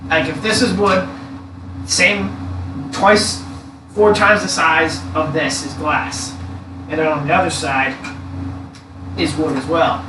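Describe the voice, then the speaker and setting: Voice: mid-range voice, fairly even intonation, takes it slowly, long pauses. A casual speaker rambles through long explanations, swearing now and then, with a middling voice. The voice comes from off-mic in a roomy space, with noise underneath. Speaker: co-host. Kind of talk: casual chat. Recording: echoey room, far from mic, noisy.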